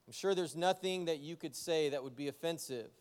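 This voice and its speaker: A man's voice: a little high, fairly quick, smooth, natural voice. A man voicing an elderly, unshockable nun in a joke, in a reassuring tone. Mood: calm. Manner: gentle, reassuring joke telling. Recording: long church hall reverb.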